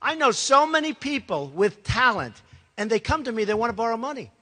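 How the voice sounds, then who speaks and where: Male political candidate, campaign speech, emphatic and repetitive, bright voice, reverberant large hall. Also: extremely high pitch, big pitch swings, a little fast. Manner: emphatic and rambling, repeats himself. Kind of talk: campaign speech to a live audience.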